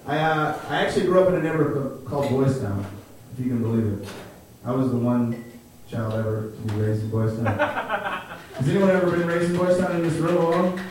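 A man's voice: on the high side, fairly quick, a little mellow, slight background noise. A young man from Chicago doing a stand-up set, telling stories in a laid-back way and laughing at his own jokes. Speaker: stand-up comedian. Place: comedy club stage. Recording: roomy, distant club recording.

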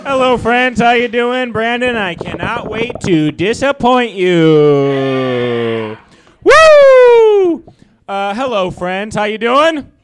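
A man with a high voice performs stand-up comedy, animated and self-deprecating as he works through his jokes. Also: slow pace, noisy background. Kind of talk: stand-up set.

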